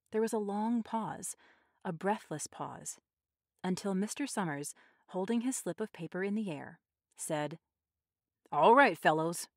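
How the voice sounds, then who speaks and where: Woman narrator, expressive and measured, low and lively, dry studio sound. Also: dry recording. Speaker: audiobook narrator. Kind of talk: scripted story narration.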